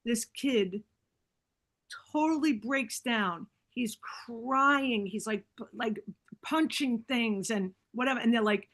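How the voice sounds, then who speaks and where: A woman's voice: fairly high pitch, takes it slowly. A woman guest on a podcast telling personal stories in a casual way, acting out what people said and leaning on "like" and "right?". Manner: animated, acts out quoted dialogue; fillers like "like" and "right?".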